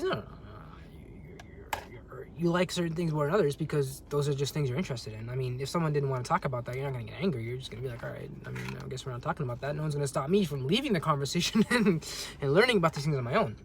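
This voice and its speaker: A man's voice: medium pitch, slight background noise. A man talking casually to camera in a rambling way, often repeating words and restarting his sentences. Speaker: vlogger. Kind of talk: casual monologue.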